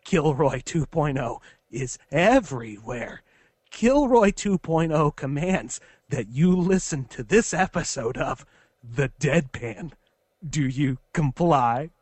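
A man's voice: a little high, animated, slow, darkish tone, slightly rough, no echo. A man giving a mock-commanding intro for the show in a grand announcer tone.

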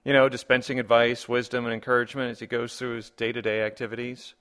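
A man's voice: medium pitch, little pitch movement, fast, fairly bright tone. A man hosting a comedy podcast, reading listener comments and rambling through wry rhetorical questions. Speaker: podcast host.

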